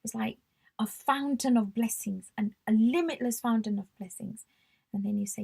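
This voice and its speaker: A woman's voice: fairly high pitch, normal speed, gravelly, darkish tone, husky. A woman teaching a religious workshop, reciting prayer phrases and translating them in an earnest, devotional way, often dropping to a whisper.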